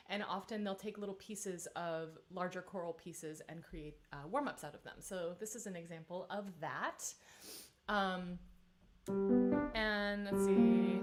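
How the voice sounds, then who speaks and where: Speaking in a mid-range voice, a woman in her thirties runs a live-streamed vocal warm-up as its coach. She is talkative and supportive, and her speech is full of fillers.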